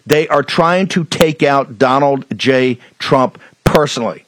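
A man's voice: mid-range voice, measured pace, few pauses, dry recording. A male talk show host giving heated political commentary, blunt and combative, repeating his points.

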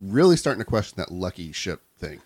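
A man's voice: low-pitched, very animated, fairly quick, darkish tone. A man hosting a casual podcast, telling a historical story from notes and breaking off to banter with friends.

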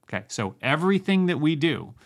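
A man co-hosting a casual podcast, slowing down to stress scripture quotes and rambling easily in between. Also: fairly high pitch. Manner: slow, emphatic when quoting scripture; relaxed, rambling. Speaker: podcast co-host.

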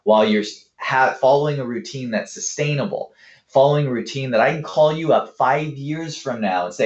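A man working as a fitness coach, telling client stories in a lively, casual way and acting out both sides of the talk. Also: mid-range voice, a little fast. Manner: animated, acts out client conversations. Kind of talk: casual storytelling interview answer. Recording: roomy, dull lo-fi sound.

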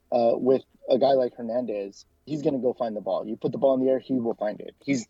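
A man's voice: mid-range voice, mellow, slightly rough, no room sound, highs cut off. A man from the United States, a soccer fan and podcast co-host, chatting as a guest with lots of restarts and fillers. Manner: chatty, talks in quick bursts with frequent restarts and fillers. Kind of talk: casual interview.

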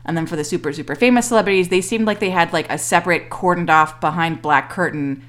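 A woman's voice: lowish voice, fast, fairly bright tone. A woman co-hosting a podcast, chatting casually and rambling with lots of fillers and restarts, with dry self-mocking humor. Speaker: podcast co-host. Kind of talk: casual chat.

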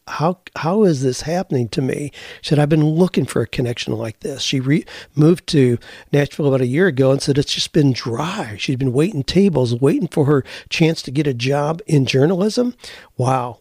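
A middle-aged man hosting a show, telling stories in a folksy, animated way. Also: medium pitch, no room sound, studio quality. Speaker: podcast host. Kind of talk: casual storytelling.

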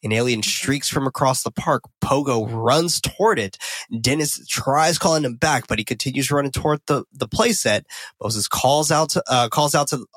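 A man's voice: medium pitch, moderate pace, fairly bright tone, no echo. A man co-hosting a podcast, recapping a film in a loose, profane way and often correcting himself mid-sentence. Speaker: podcast co-host. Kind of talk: casual film recap and discussion.

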